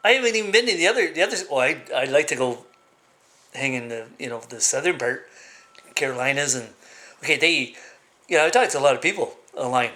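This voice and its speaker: A man vlogging in a casual monologue, rambling and halting with lots of fillers and restarts, giving blunt, opinionated rants. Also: mid-range voice, pushed and bright.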